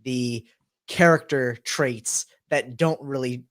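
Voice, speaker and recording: Relaxed rambling male podcast host. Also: medium pitch, slow. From US East Coast. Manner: relaxed, loose, rambling, swears casually. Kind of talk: casual podcast chat.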